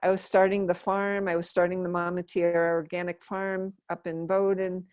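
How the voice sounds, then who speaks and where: Woman in her fifties, lively storyteller, dry close sound, acts out voices. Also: on the low side, moderate pace, clean tone, dry recording. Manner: animated storyteller, acts out quoted dialogue. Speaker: interview guest, Buddhist nun. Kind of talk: storytelling in a relaxed interview.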